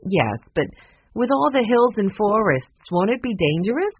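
A narrator voicing a nervous, defensive woman innkeeper in a storybook reading, in a high, tense, hesitant voice. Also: very animated, moderate pace, husky, lo-fi sound. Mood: uneasy.

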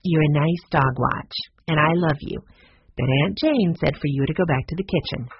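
A narrator voicing Violet, a gentle, kind young girl who speaks pleasantly, in a storybook. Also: medium pitch, moderate pace, slightly rough, muffled recording.

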